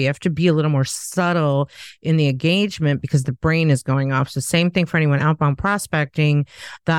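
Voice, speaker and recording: Animated woman host. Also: low voice, normal speed, smooth, dry recording, clean studio sound. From Southern United States. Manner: animated storyteller who acts out quoted dialogue. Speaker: podcast host. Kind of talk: casual conversational interview.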